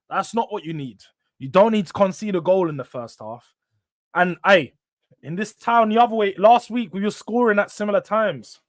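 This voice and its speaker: Young man, high-pitched watchalong chatter. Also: moderate pace, no echo, clean studio sound. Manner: excitable, swings between hype and low-key mumbling, slangy. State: tired, yawning. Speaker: host of a football watchalong. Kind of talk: casual live match commentary and chat.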